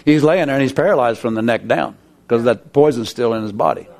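A middle-aged male pastor preaching a sermon, telling a story and then leading a fervent, drawn-out prayer. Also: medium pitch, creaky, darkish tone.

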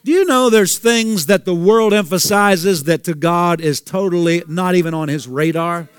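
Preacher with a high, clear voice. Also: male voice, normal speed, no echo. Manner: preachy, asks the congregation questions, repeats for emphasis. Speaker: pastor. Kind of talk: sermon.

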